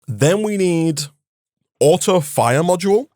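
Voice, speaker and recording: Young man with a lively voice planning a game. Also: high voice, takes it slowly, no echo. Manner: explains plans and hands out tasks, dry banter. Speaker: gaming channel co-host. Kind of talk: casual gameplay chat.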